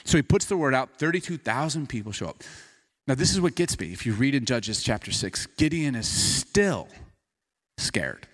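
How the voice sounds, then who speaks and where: A man preaching a sermon as pastor, animated and humorous, telling a story in a conversational way. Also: mid-range voice, moderate pace.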